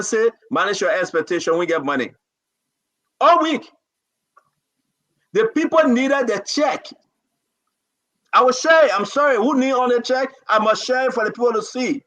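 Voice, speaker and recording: A man hosts a political talk show with a very high, sharp, forceful voice. He pleads and scolds in fervent, rapid repetitions. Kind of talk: impassioned political commentary.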